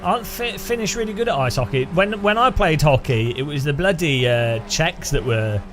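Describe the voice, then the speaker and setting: A man's voice: on the high side, expressive, normal speed. A man chatting casually on a gaming stream, laughing and grumbling at the game. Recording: light music behind.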